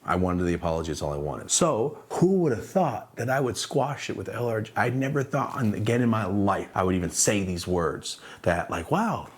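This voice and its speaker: Male storyteller, husky and low, animated story-time vlog delivery. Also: moderate pace, hardly any pauses. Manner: animated, acts out quoted dialogue, swears freely. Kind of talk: casual story-time monologue.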